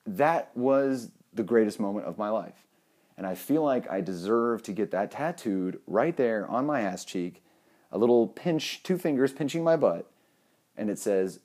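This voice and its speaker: A young man telling a funny personal story in a casual, animated way, cracking jokes and swearing now and then. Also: mid-range voice.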